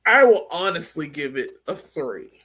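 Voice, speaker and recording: A man co-hosting a casual movie review podcast, ranting animatedly with big swings from loud to quiet. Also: fairly high pitch, very animated, a little slow, husky. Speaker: podcast co-host.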